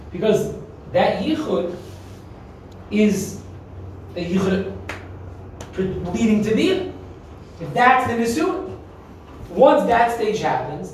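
A man's voice: high voice, slight background noise. Man teaching a class, heard from afar. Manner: questioning, emphatic, mixes Hebrew terms. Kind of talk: Talmud class lecture. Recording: echoey room from far off.

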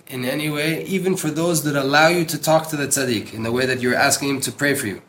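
A man's voice: mid-range voice, quick pace, few pauses, fairly bright tone, slight background noise. A man teaching a Torah class in an earnest, emphatic way, reading a text aloud and translating it, with Hebrew terms mixed into his speech. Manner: earnest, emphatic, repeats words for stress. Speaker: religious teacher.

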